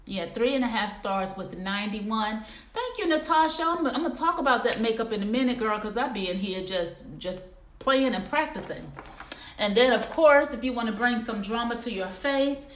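A woman's voice: a little high, a bit bright, roomy sound, a little hiss or hum. A woman hosting a livestream, reviewing clothes in a chatty, casual way and calling viewers y'all. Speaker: livestream shopping host. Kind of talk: casual live product review. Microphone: phone or computer livestream.

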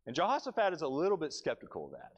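A male preacher delivering a sermon in church, telling the story with animated, dry humor. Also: a little high, racing, dull audio.

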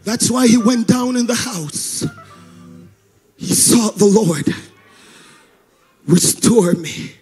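A male pastor preaching a sermon in a chanted, sing-song cadence with rhythmic breaths, building to shouted passages. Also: very high voice, slow, long pauses, slightly rough, faint music behind. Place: church service.

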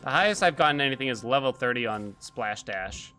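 A man's voice: mid-range voice, expressive, fairly quick, bright, forceful tone, soft background music. A man streaming a game, chatting casually and reacting aloud as he plays. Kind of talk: casual gameplay commentary.

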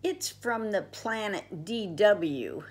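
Cheeky storybook boy played by a woman reader, slow and playful. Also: mid-range voice, lively intonation. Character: plucky young boy, curious and cheeky.

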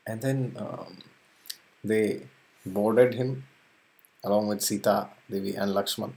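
A man's voice: fairly low pitch, slow pace, creaky. A man teaching a spiritual lesson by retelling a scripture story, chuckling often as he goes. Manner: chuckles often, animated retelling with acted quotes.

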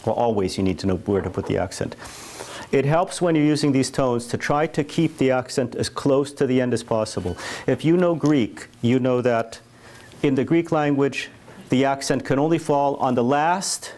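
A man giving a workshop lecture on church cantoring, explaining casually and sometimes singing slow chant lines. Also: medium pitch, a little mellow. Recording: faint background noise.

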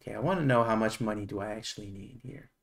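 A man's voice: on the low side, fast, vocal fry, fairly bright tone. A man streaming an old video game, muttering and cursing to himself under stress, with wry asides. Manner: wry, self-mocking asides. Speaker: streamer playing retro games. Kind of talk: live gameplay commentary.

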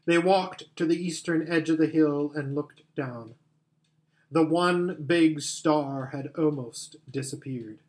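A man narrating a children's fantasy story as an audiobook reader, with gentle storytelling. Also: a little high, slow pace. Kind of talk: scripted narration.

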